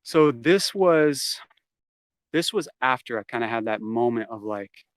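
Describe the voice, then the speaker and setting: A man telling a wild story from his past as an interview guest, swearing freely and acting out every quoted line. His voice sits at an ordinary middle pitch. The recording is dry, with almost no room sound. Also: unhurried, no echo. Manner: profane, animated, acts out quoted lines. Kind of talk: casual storytelling.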